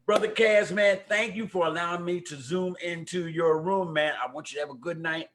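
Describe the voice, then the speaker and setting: An older man hosting a community talk livestream, his voice sitting a little high for a man. He greets viewers by name and presses them to vote with a preacher's fervor. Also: a little fast. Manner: warm preacher-like exhortations. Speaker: host of a community talk show. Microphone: microphone at home.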